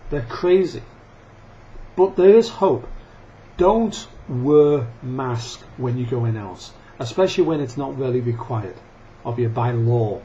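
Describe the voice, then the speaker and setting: This vlogger has a warm, medium-pitched voice with lively intonation, speaking a little slowly. He angrily rants into the camera, cursing often and stopping to laugh and cough. The audio is dull and lo-fi with a trace of noise.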